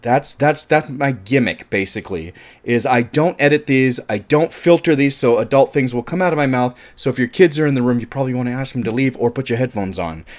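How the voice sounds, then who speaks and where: An American man from California hosts an unedited movie review vlog. He rambles in a chatty, self-deprecating way at an ordinary male pitch. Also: a little fast. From California, USA. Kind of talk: casual unedited video review.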